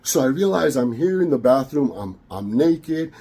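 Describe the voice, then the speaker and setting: A man's voice: medium pitch, lively intonation, normal speed, warm tone, breathy edge. A man, a spiritual practitioner telling a personal story, hesitant and repeating words, with Spanish phrases mixed in. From Caribbean.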